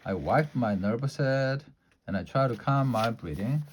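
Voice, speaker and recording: A man reading a children's chapter book aloud in a lively storytelling way, now and then stumbling over a word. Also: medium pitch, moderate pace, slight background noise. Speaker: storybook reader.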